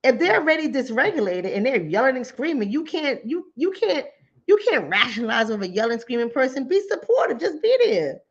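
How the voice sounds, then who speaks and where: This host of a mental health talk show has a high, very animated voice and talks slightly fast. Chatting informally, she performs both the callers and her own answers, repeating phrases with emphasis to make her points land. The audio is dull and lo-fi.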